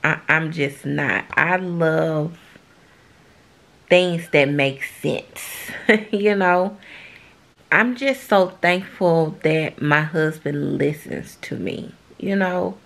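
Tearful slow-talking woman vlogger. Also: deep voice, animated, gravelly, fairly bright tone. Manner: tearful, heartfelt, slow and halting. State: crying. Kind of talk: emotional casual vlog talk.

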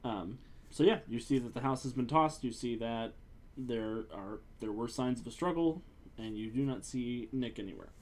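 A man's voice: medium pitch, moderate pace. A man running a tabletop role-playing game as game master, narrating scenes and laughing often.

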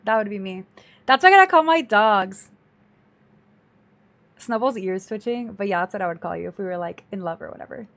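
A woman's voice: mid-range voice, expressive, a little fast, long pauses, fairly bright tone, a little hiss or hum. A woman streamer reacting to a video in casual commentary, dramatic and exclaiming, talking to her chat.

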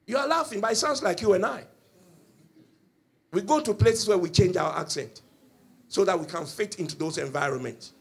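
A male pastor preaching a passionate sermon in church, swinging between loud and soft as he tells the story. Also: sits high, animated, a little slow, gravelly, long pauses, slightly rough. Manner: impassioned storytelling with swings in volume.

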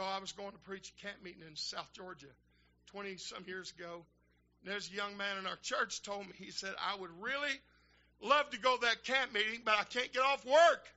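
Older man preaching, high gravelly voice, bright and sharp, folksy, dull lo-fi church recording. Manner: builds to shouting fervor, folksy storytelling. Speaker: minister. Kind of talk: storytelling sermon.

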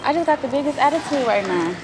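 Talking fast with lively intonation, a young woman with a high-pitched voice vents in a chatty, profane casual vlog. She films on her phone in her car and then in a big home decor store, so traffic, store noise, and a background crowd come through.

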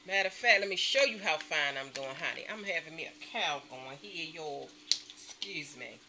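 A woman vlogging from home late at night, chatting to her viewers and calling them honey and y'all at every turn, with loud emphatic stresses. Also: deep voice, lively intonation, fairly quick, background noise. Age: adult mother. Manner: emphatic, stresses words with bursts of loudness. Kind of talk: casual chat to camera.

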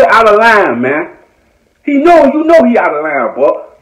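A man from Norfolk, Virginia, on a heated, profane live-stream rant, repeating himself as he goes. His high voice swoops up and down. The phone recording sounds roomy and dull. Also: huge pitch swings, a little slow, fairly bright tone. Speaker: online commentator. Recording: echoey, dull lo-fi phone audio.

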